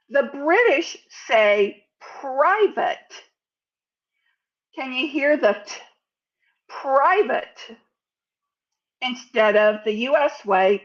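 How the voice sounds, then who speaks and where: Slow, deliberate American woman coach. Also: on the high side, dull audio. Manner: slow, deliberate, over-enunciates example words. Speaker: sales speaking coach. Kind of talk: instructional talk to camera.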